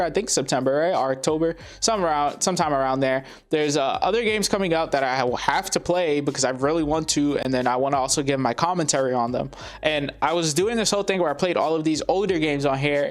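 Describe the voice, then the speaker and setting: A man ranting angrily about a game, swearing often and pausing on fillers. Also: a little high. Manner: profane, heated, frequent filler pauses. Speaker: gaming commentator. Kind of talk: angry rant to camera.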